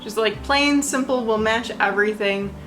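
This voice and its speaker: Young woman vlogger, giddy and gushing, brightish higher voice, bedroom camera-mic sound with music underneath. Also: moderate pace, rough recording. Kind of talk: casual unboxing vlog. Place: her bedroom.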